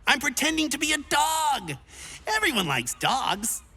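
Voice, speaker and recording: Game role: a clumsy young male wannabe adventurer, excitable and rambling, with a high, gravelly, bright voice. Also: a little slow, full character voice. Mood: eager. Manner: excitable, rambling, stumbles over words. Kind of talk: game character dialogue.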